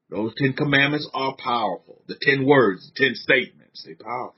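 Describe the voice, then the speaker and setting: Husky man preaching fervently. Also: mid-range voice, normal speed, few pauses. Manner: fervent, conversational preaching with slang. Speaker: religious teacher. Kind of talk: informal sermon. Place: San Antonio. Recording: dull lo-fi recording.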